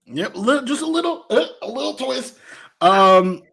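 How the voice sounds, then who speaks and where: High-voiced, excitable male co-host. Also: a little slow, gravelly, breathy edge. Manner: excitable, playful, laughs often. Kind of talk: casual sports talk show.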